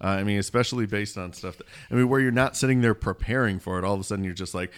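A man's voice: lowish voice, rapid-fire, few pauses, smooth. A man hosting a casual interview, laid-back and loose, cursing freely and restarting his questions. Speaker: podcast host interviewing an improv group.

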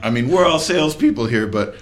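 A man doing improv comedy, teasing in a deadpan way. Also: mid-range voice, fast.

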